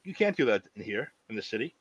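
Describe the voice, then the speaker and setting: A man's voice: fairly low pitch, big pitch swings, quick pace, husky, dry recording, lo-fi sound. A man, co-hosting a podcast in blunt, casual chat with a lot of cursing. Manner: blunt, heavy cursing, storytelling. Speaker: podcast co-host.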